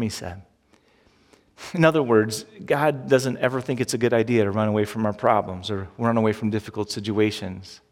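A man preaching a sermon as pastor, animated and emphatic, with many rhetorical questions. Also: mid-range voice, normal speed. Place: church sanctuary. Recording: long hall reverb.

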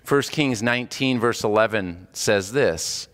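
A man preaching a sermon in a conversational, expressive way, acting out quotes as he goes. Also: lowish voice, a little slow. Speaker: pastor. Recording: echoey hall reverb.

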